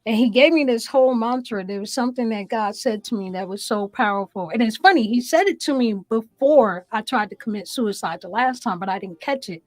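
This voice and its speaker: A woman's voice: fairly high pitch, animated, a little fast, hardly any pauses, no echo, low-quality recording. A woman guest giving her testimony in an interview, earnest and preacherly, repeating phrases for emphasis, from a small room at home.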